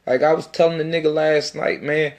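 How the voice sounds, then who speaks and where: A man's voice: on the high side, steady tone, fairly quick. Profane, rambling man. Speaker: independent rapper. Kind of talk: casual self-recorded monologue.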